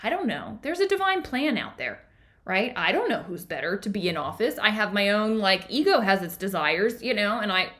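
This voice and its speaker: A woman's voice: medium pitch, sing-song, moderate pace, a bit bright. A woman hosting a book club discussion in a conversational way, reading passages aloud and often checking in with her listeners.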